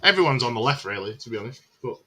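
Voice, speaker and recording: A man's voice: mid-range voice, lively intonation, racing, pushed and bright, a little hiss or hum. A man hosting a live match watchalong stream, chatting casually, calling the play and answering viewer comments with frequent filler words.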